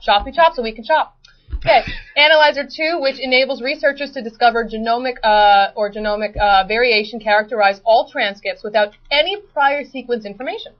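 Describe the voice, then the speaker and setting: A fairly high-voiced woman co-hosting a stock market show, joking with her partner between news items. She reads company announcements with playful asides and trips over the technical words. The recording sounds dull and lo-fi. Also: fairly quick. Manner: playful, teasing, stumbles over technical terms. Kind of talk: casual banter, reading company news.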